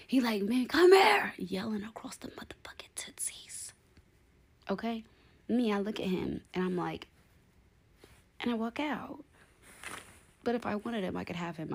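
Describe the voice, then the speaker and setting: A young woman telling a storytime vlog at home, talking in lively slang and acting out the lines she quotes. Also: medium pitch, moderate pace, creaky, pauses often, slight background noise. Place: at home, bedroom.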